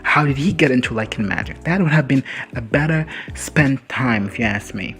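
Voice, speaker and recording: A man's voice: medium pitch, expressive, normal speed, a bit bright, faint music behind. A man casually recapping a show in a reaction video, rambling, swearing and laughing often.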